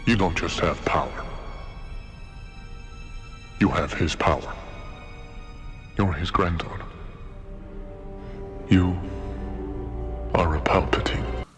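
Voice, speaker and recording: An actor playing a brooding young male villain, speaking low and hushed in film dialogue. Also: takes it slowly, pauses often, over music. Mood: menacing. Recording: film clip under loud score.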